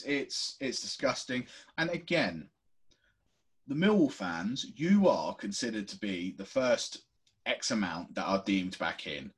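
A man's voice: mid-range voice, slightly rough. A man co-hosting a podcast in casual chat, talking in an impassioned, ranting way and swearing freely. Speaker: podcast co-host.

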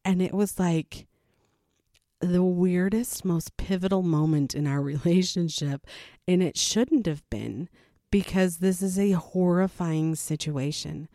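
A woman telling a frank, confessional parenting story about her young daughter, talking in quick bursts. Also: on the low side, dark tone, dry recording, studio quality. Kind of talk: candid personal storytelling.

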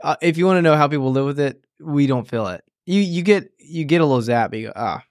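A man's voice: fairly high pitch, fast, no room sound. Joking easygoing man, dry close sound. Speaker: podcast co-host and youth minister. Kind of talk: casual chat.

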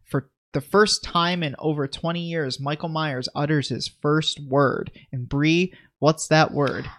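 A man's voice: a little high, fairly even intonation, unhurried, a bit bright. A man co-hosting a podcast, recapping a horror film in casual, joking chat full of fillers. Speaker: podcast co-host.

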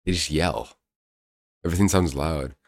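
A young man co-hosting a podcast, chatting bluntly and excitably and swearing casually. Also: very deep voice, moderate pace, gravelly. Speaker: podcast co-host. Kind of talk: casual chat.

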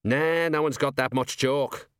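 A man's voice: medium pitch, steady tone, unhurried, a bit bright, smooth, no room sound, clean studio sound, pitched above the performer's own voice, natural voice. A man reading the part of a tiny, blunt, cheeky gnome rat-catcher who talks in slang.

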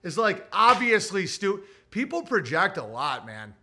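A man's voice: high voice, big pitch swings, a little slow, pushed and bright, a little hiss or hum. A man hosting a livestream, reading viewer messages in a rambling, profane, casual way. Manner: rambling, profane, talks to his dog. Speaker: livestream host reading super chats.

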